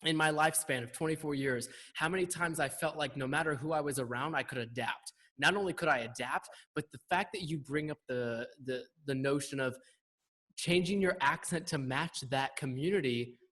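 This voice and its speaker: Young man, podcast host, enthusiastic, slightly high voice, long reverb. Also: moderate pace, fairly bright tone. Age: 20s. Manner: enthusiastic, leading questions. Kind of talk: casual interview chat.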